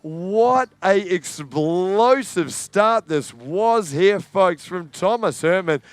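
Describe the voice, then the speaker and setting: High-voiced aussie commentator, unhurried between bursts, smooth dry sound. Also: male voice, dry recording. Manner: excitable, building to shouts on big moments. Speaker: sports commentator. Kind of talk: live sports commentary.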